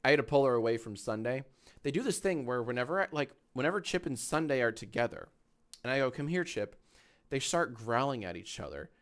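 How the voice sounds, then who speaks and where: A man in his thirties chatting casually on a live stream from a small home office, animated and swearing freely. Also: medium pitch, fairly quick. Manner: animated, swearing, baby talk to his dog.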